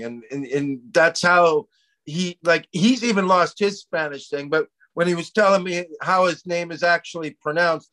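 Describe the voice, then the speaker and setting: A young man from Canada chats on a comedy podcast in a loose, rambling way, leaning on "man" and "you know." His accent is Canadian but partly Americanized. His voice sits a little higher than most men's. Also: unhurried, a bit bright, poor audio. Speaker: comedian guest. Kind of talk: casual podcast chat.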